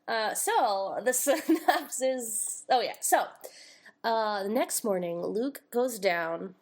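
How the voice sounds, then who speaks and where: A woman's voice: on the high side, slow. Giggly woman recapping a movie. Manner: giggly, animated storytelling with acted quotes. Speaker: podcast co-host. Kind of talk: casual movie recap chat.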